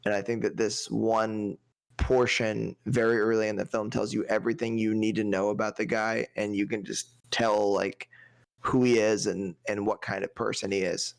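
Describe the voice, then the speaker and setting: A man's voice: lowish voice, flat delivery, moderate pace, gravelly, no echo. A man co-hosting a podcast, chatting casually about a movie with a laid-back, dry wit. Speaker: podcast co-host. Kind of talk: casual movie review chat.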